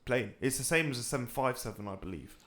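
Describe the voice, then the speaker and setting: A man's voice: medium pitch, expressive, quick pace, fairly bright tone. A young man hosting a casual flight simulator tutorial, rambling and self-mocking, with the odd swear. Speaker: flight sim tutorial host. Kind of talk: casual screen-recorded tutorial chat.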